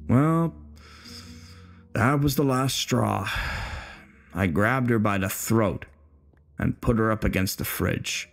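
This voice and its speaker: Low, gravelly, crude old veteran, hostile and menacing, slow and profane, voiced by a man in a story reading. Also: faint music behind. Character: bitter, crude, hostile older male war veteran.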